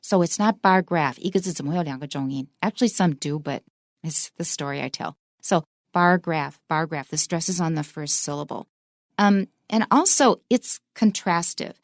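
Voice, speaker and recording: A woman's voice: low-pitched, normal speed, dry recording, clean studio sound. A woman co-hosting an English lesson, explaining word stress and mixing English with Mandarin. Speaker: co-host English teacher. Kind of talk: bilingual radio English lesson.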